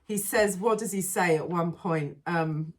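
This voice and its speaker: A woman's voice: lowish voice, a little slow. A woman co-hosting a podcast, chatting about a film with enthusiasm, frequent laughs and lots of ums and uhs. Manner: enthusiastic, giggly, lots of fillers. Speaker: podcast co-host. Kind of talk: casual film discussion.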